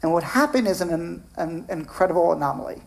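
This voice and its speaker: A middle-aged man delivers a keynote lecture, weaving personal stories into his points. His voice swings lively up and down as he acts out the people in his anecdotes. Now and then he drops in a casual "um". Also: fast, creaky. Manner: animated storytelling, acts out quoted voices with big pitch jumps. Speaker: professor giving a keynote lecture.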